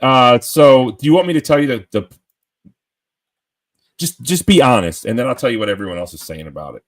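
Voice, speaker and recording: A man chatting casually on a panel call, rambling and excitable, often tripping over his words. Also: medium pitch, brisk. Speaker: panel guest.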